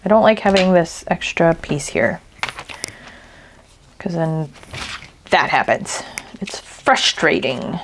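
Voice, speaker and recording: A woman's voice: deep voice, lively intonation, slow, long pauses, a little hiss or hum. A woman hosting a crafting video, chatting casually and thinking aloud as she works, with a tickle in her throat. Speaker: crafting channel host.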